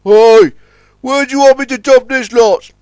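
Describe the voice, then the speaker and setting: A man voicing an eager, reckless male tugboat who shouts cheerfully in a hurry. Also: very high-pitched, unhurried, clear, resonant tone, no room sound, pitched above the performer's own voice.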